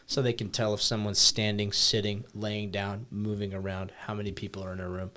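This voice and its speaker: A man with a low voice explains things on a casual podcast. His delivery is loose and chatty, with many fillers and casual swearing. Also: level tone, brisk, pushed and bright. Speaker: podcast co-host.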